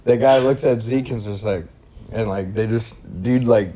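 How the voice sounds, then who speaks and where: Animated young man telling a story. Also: fairly low pitch, normal speed, a little hiss or hum. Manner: animated storyteller who swears freely and acts out quotes. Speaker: podcast co-host. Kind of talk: casual podcast storytelling.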